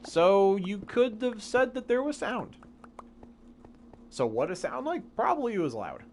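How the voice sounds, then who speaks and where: Young man, live streamer, patient explainer, animated pitch, light background noise. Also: a little slow. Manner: explains science patiently to chat. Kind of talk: casual live-stream chat.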